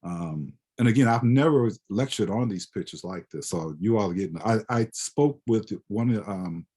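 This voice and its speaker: Husky, lower-voiced male guest lecturer, reflective and conversational. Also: lively intonation, normal speed, mellow. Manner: conversational, often ends with "right?". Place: lecture hall.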